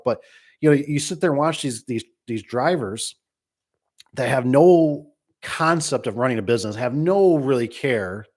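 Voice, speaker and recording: A man who runs a garage door business, giving casual, rambling advice and acting out little exchanges with customers. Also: medium pitch. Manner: rambling, folksy, acts out dialogue.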